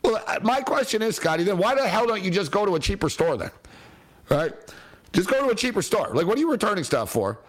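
A man's voice: high voice, big pitch swings, quick pace. A man hosting a casual sports talk show, chatty and slangy, laughing often between points.

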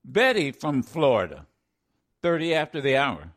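A man's voice: medium pitch, huge pitch swings, moderate pace, a bit bright. A man with an Ohio accent hosting a call-in radio show, emphatic and repeating his words as he talks. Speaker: radio talk show host.

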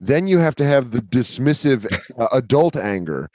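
A man guesting on a comedy podcast, telling stories in an animated way and acting out quotes. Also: medium pitch, normal speed, no room sound. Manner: animated storyteller, acts out quotes. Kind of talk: casual comedy chat.

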